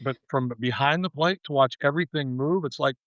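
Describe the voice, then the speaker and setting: A man's voice: mid-range voice, fairly quick, no room sound, lo-fi sound. A man in his sixties, a former baseball player and manager, telling rambling stories as a podcast guest. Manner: rambling anecdotal storyteller, animated when retelling arguments. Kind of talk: casual storytelling interview.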